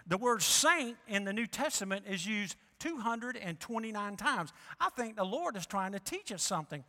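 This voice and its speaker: High, bright preacher in a hall. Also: male voice, lively intonation, normal speed, hardly any pauses. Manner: emphatic, drawls out key words. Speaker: pastor. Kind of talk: sermon. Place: church sanctuary. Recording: reverberant hall.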